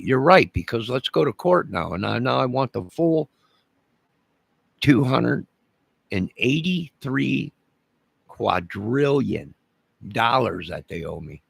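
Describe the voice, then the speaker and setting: A man's voice: mid-range voice, very animated, measured pace, gravelly, pauses often, breathy edge, no room sound. A man from Chicago in a rambling direct-to-camera rant, menacing and repetitive, leaning hard on his words for emphasis.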